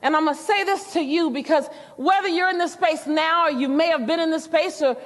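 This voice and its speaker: A woman's voice: extremely high pitch, voice pushed up. A woman doing a loving grandmother. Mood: tender, firm. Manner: calls the listener "baby" and "honey", slow and emphatic. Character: loving older grandmother, firm and tender. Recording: long reverb of a large hall.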